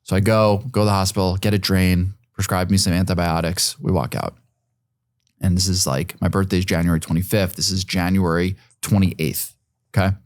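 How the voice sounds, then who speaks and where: A man in his forties talks as a podcast guest in a deep, low register. He rambles through his story with lots of fillers and the odd curse. The sound is close and dry, with no room echo. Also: flat delivery, moderate pace. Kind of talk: casual storytelling.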